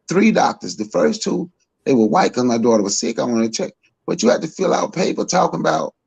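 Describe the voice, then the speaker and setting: A man, co-hosting a podcast and giving his opinions emphatically, repeating himself and climbing higher as he gets worked up. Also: gravelly, a little mellow, husky. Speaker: podcast co-host. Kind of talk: heated opinion talk.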